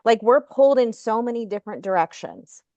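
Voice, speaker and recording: Earnest measured woman guest on a video call, dry sound. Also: on the high side, animated, dark tone, no room sound, dull audio. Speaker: guest insurance agent. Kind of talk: casual chat.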